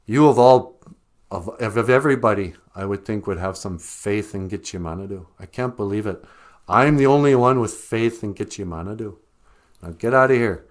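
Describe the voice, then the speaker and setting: A man's voice: fairly low pitch, normal speed, lightly acted. A man voicing a stubborn, self-righteous male rabbit stuck in a snare, pleading and indignant.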